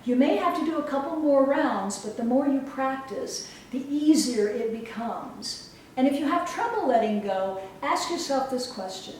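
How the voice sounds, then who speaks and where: A woman coach giving a motivational talk and leading a guided exercise with slow, emphatic, soothing instructions. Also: high-pitched, lively intonation, darkish tone. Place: event hall. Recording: roomy echo from far off, faint noise.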